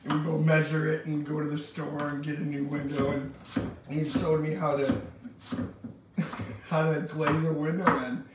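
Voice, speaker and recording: A man's voice: on the high side, a little slow. A man telling stories while cooking in an echoey kitchen. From Wisconsin. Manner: animated, acts out voices in his stories. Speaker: home cook and vlogger. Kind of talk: rambling storytelling while cooking. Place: home kitchen. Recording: very echoey room, mic far off, background noise.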